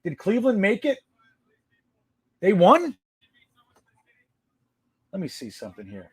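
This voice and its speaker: High-voiced man chatting on a live stream. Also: very animated, moderate pace, pauses often, husky, no room sound. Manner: blunt, profane, reacts to chat. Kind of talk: casual live stream chat reading comments.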